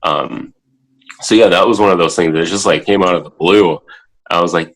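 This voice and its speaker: A man in his thirties, a podcast guest talking casually from a child's room at home, halting and full of filler words, turning animated when he acts out his own past words. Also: deep voice, rough recording. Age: 30s. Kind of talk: casual interview talk.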